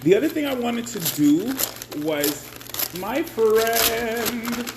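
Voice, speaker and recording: Slow, chatty man hosting a live stream. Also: very high-pitched, noisy background. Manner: chatty, greets viewers by name; laughs often. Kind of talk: casual live-stream chat.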